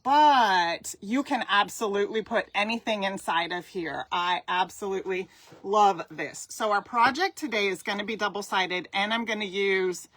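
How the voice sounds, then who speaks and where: Middle-aged woman, craft instructor on a live stream, chatty and upbeat, mid-pitched voice, talks straight to her viewers. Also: a bit bright. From Southern California. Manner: chatty, enthusiastic, addresses viewers directly.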